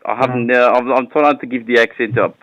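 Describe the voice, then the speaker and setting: A man's voice: medium pitch, fairly even intonation, fairly quick, a bit bright, no room sound. A British man on a prank phone call, stammering through a put-on South African accent. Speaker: prank caller.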